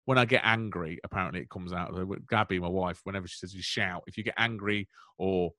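Chatty comedian guy, talks fast, lowish voice, quick laughs. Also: bright, forceful tone, no room sound, studio quality. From England. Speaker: guest comedian. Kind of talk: casual podcast chat.

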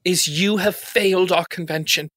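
A man's voice: sits high, steady tone, moderate pace, sharp tone, dry recording, studio quality. A man in an improv comedy sketch, playing a self-styled elf who talks in a pompous, affected voice. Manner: affected pompous elvish voice, defensive. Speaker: elf convention organizer, comedic character.

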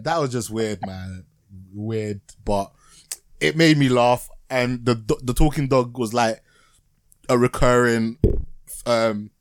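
A man's voice: medium pitch, dry recording. A man hosting a podcast, rambling through a TV show review in casual chat, laughing often and restarting his sentences. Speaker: podcast host.

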